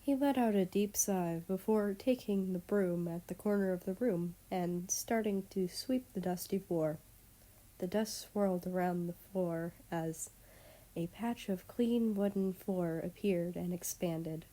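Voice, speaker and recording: A woman's voice: on the low side, a little slow, dark tone. A woman reading fan fiction aloud as narrator. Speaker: story reader.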